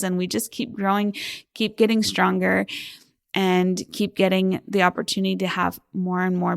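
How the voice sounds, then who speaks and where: Gushing woman podcast host, gravelly edges. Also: lowish voice. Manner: warm, heartfelt and gushing, often near tears. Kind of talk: reading listener reviews on a podcast; scripted disclaimer read.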